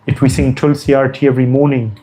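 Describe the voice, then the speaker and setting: A man's voice: medium pitch, little pitch movement, fast, warm tone, low-quality recording. A man giving an earnest devotional lecture as a spiritual teacher, often repeating phrases for emphasis.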